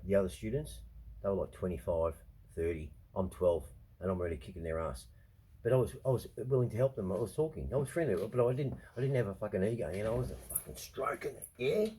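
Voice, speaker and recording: A man's voice: lowish voice, dark tone, breathy edge. A man talking straight to camera in a rambling personal monologue, swearing often and repeating himself as he defends his feelings. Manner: profane, emphatic, repeats himself; restless, defensive, confiding. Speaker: vlogger.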